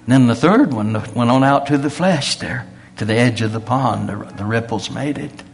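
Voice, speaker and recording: A man's voice: medium pitch, moderate pace, soft background music. A man, preaching a sermon in a folksy storytelling way. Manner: folksy storytelling with quoted voices.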